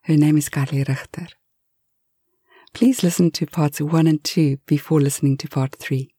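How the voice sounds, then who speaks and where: A woman narrating a bedtime story for adults in a soft, half-whispered delivery. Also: low-pitched, fairly even intonation, moderate pace, breathy edge, no room sound, clean studio sound.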